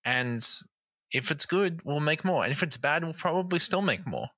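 A man trading playful quips with his co-host on a casual podcast. His voice is very bright and sharp at a middling pitch. The sound is close and dry. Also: lively intonation, moderate pace, dry recording. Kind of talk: casual chat.

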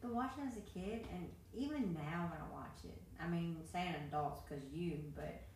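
Lower-voiced woman, distant and echoey. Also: normal speed, darkish tone, a little hiss or hum. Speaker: podcast co-host. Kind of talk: casual chat. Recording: echoey, off-mic.

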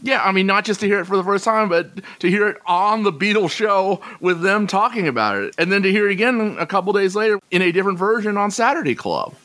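A man's voice: sits high, expressive, fast, hardly any pauses, pushed and bright, no room sound. A man hosting a podcast, chatting enthusiastically and wondering aloud. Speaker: podcast host. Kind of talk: casual podcast chat.

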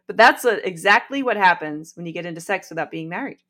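A woman's voice: lowish voice, expressive, a little fast, sharp tone. A woman hosting a podcast, reading aloud from a book with wry asides and frequent laughs. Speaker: podcast host.

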